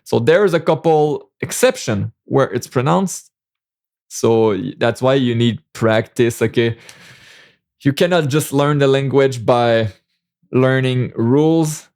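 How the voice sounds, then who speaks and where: Slow, gravelly Québécois man teaching. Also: mid-range voice, darkish tone. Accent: Québécois French. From Quebec. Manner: patient, repeats example words, encouraging. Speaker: French teacher. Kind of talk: casual language lesson.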